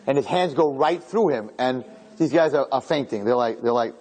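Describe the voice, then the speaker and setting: Speaking at a moderate pace in a mid-range voice, a rabbi animatedly relates an inspiring story to an audience, stressing points through repetition and sprinkling in Hebrew terms. A faint hiss or hum can be heard.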